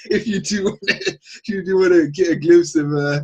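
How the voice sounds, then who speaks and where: A man's voice: high voice, moderate pace, slightly rough, muffled recording. A man hosting a podcast, chatty and upbeat as he welcomes guests and asks questions. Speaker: podcast host.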